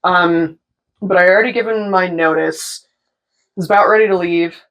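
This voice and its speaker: A woman's voice: lowish voice, moderate pace, low-quality recording. A young woman, a tattoo artist, casually telling a story, swearing freely and acting out the voices of the people in it. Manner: animated, swearing, mimics voices in her stories.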